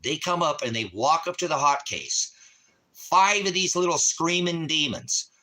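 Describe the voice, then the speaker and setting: A man's voice: a little high, measured pace, sharp tone. A man hosting a casual livestream, rambling profanely and talking straight to his chat viewers. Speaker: livestream host. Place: Christmas Valley area, rural.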